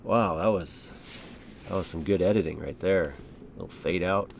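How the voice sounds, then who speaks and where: A man's voice: low-pitched, normal speed. A man hosting a gaming channel, chatting casually over gameplay in a rambling, easygoing way with chuckles. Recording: clearly audible game noise behind voice.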